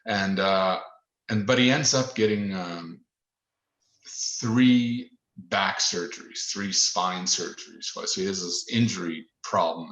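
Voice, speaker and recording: A man in his fifties from Nova Scotia, once a pro football lineman, talks through old memories on a podcast. His voice sits very low, and he circles back over his words with fillers and false starts. The sound is roomy, with a noticeable echo. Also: fairly bright tone. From Nova Scotia, Canada. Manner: rambling, many restarts and fillers, plain-spoken. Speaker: former pro football player, podcast guest. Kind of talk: reflective storytelling in a podcast interview.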